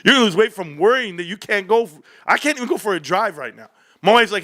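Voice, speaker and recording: A man hosting a stock market livestream, talking in an excitable, joking, rambling rant. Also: high-pitched, quick pace, dry recording, studio quality. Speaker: stock market stream host.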